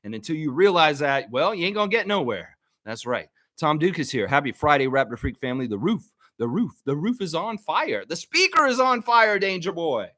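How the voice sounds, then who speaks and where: A man's voice: a little high, sing-song, brisk, hardly any pauses, sharp tone, no echo, studio quality. A man hosting a live sports chat stream, brash and trash-talking, reading viewer comments aloud.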